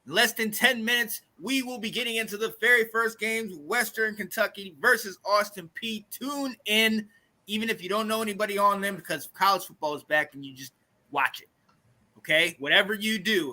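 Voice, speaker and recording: A man hosting a casual sports podcast, hyped and slangy, with loud bursts of catchphrases. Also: high voice. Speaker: podcast host.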